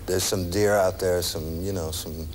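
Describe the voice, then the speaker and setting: A man chatting as a talk show guest, amiable and halting, often restarting his sentences. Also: low voice, fairly even intonation, a little mellow, a little hiss or hum. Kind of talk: casual interview chat.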